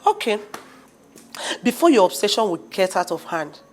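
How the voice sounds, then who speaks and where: A woman's voice: mid-range voice, big pitch swings, moderate pace, soft background music, natural voice. An actress with a Nigerian accent playing an outspoken woman who scolds her friend with incredulous questions. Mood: scolding.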